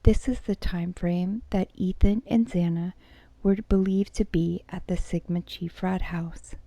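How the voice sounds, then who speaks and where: A woman whispering a true crime account as a soft-spoken ASMR narrator. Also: fairly low pitch, fairly even intonation. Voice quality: unvoiced whisper. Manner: soft-spoken, measured storytelling.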